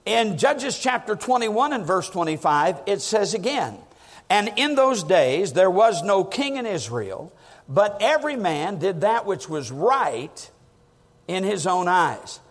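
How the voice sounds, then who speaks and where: A man preaching a sermon with strong emphasis, climbing on key words and dropping low to drive points home. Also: big pitch swings, takes it slowly. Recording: long reverb of a large hall.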